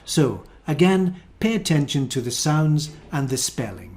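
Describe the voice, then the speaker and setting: A man with a Scottish accent teaching English pronunciation, saying example words one at a time in a careful, deliberate way. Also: on the high side, big pitch swings, darkish tone. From Scotland. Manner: careful, deliberate word-by-word modelling. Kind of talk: slow, clear teaching of pronunciation.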